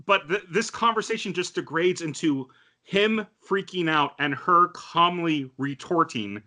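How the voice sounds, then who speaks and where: Male podcast co-host, bright and slightly high, casual recap chatter. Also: measured pace. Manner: chatty, many fillers, acts out quotes. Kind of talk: casual anime review chat.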